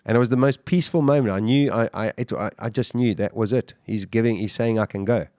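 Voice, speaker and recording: A man, a podcast guest, telling his survival story in an animated way, full of restarts and repeated words. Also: medium pitch, quick pace, no room sound, clean studio sound. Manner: vivid, animated retelling with restarts. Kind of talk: interview storytelling.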